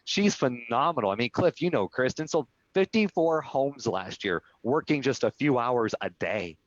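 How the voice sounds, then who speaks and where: A man's voice: medium pitch, lively intonation, moderate pace, no echo. Earnest man telling a personal story. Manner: earnest, personal, repeats "right?". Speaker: real estate brokerage executive, guest. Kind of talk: live video call interview, storytelling. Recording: dull lo-fi sound, dry.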